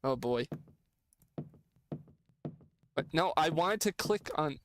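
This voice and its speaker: Brief: male streamer, relaxed joking commentary, a bit higher than most men. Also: moderate pace, slight background noise. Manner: offhand, joking, swears casually. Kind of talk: casual game commentary.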